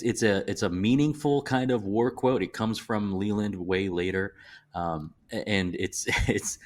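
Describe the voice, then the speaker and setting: Low-voiced thoughtful Southern man. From American South. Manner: halting, restarts often, thoughtful. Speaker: podcast co-host. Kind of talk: casual movie discussion.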